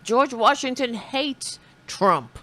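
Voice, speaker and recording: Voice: mid-range voice, animated, takes it slowly, sharp tone. A comedic commentator reacting to clips with sarcastic, mocking remarks and repeated quotes.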